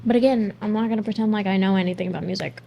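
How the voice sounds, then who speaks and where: A woman's voice: medium pitch, steady tone, very fast, creaky, highs cut off, slight background noise. A woman hosting a casual movie reaction, blunt and snarky, swearing freely.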